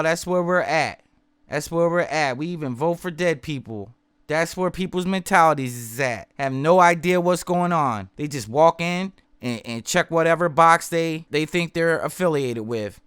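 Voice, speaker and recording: A man's voice: fairly high pitch, clear, resonant tone, no echo, studio quality. A man hosting a podcast in a loose, slangy, repetitive monologue, mocking and talking straight to his listeners. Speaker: podcast host. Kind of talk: casual political monologue.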